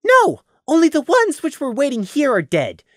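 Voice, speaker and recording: A man voicing Prey, a stubborn, defensive young trap-maker who shouts accusations in an audio drama. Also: very high-pitched, wildly swooping pitch, normal speed, no room sound, clean studio sound, voice pushed up, heavily acted.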